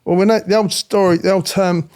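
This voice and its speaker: Brisk and high-pitched, a middle-aged man recounts blunt stories from his time as a royal protection officer. The interview is candid and animated, full of swearing and impressions of the people involved.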